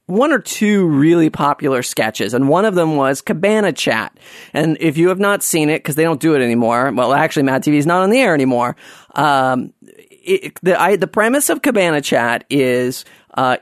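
Casual American male storyteller, slightly high voice, dry close sound, self-mocking. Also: dry recording. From United States. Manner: chatty and self-deprecating, with frequent restarts and comic put-on voices.

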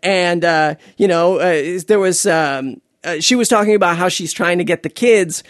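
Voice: medium pitch, moderate pace, no room sound, clean studio sound. A podcast host telling a rambling comedic story, digressing into jokes and asides with plenty of fillers.

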